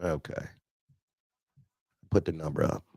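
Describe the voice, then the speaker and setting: A man with a gravelly, rough-edged voice hosts a casual call-in show for truckers. He talks emphatically and folksily, often repeating his points. The sound is close and dry, with no room around it. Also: extremely low pitch, steady tone, takes it slowly, darkish tone, no echo. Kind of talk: casual live-stream talk.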